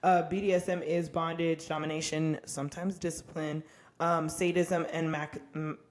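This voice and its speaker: A woman's voice: low voice, flat delivery, moderate pace, darkish tone. A young woman co-hosting a casual podcast, talking candidly and with profanity, often laughing. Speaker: podcast co-host.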